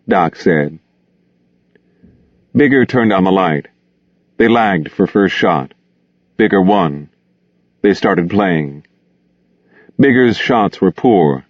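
A man reads an audiobook in a very deep, low voice with a lively, expressive rise and fall. It is a dry, dull, lo-fi recording with no room sound. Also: slow, long pauses, no echo. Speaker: audiobook narrator. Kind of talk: scripted narration.

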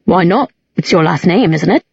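A haughty, superior teenage boy, as a female narrator puts him on, curt and scornful, in the reader's own low, husky register. The sound is dry and dull, like a muffled audiobook recording. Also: animated, moderate pace, darkish tone, no room sound.

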